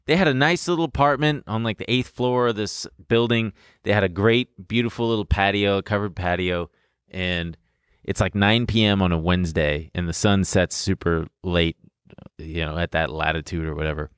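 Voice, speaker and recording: A young man co-hosting a podcast tells a long personal story in a rambling, self-deprecating way, laughing between lines. His low, clear, resonant voice moves at a moderate pace in a dry, clean studio recording.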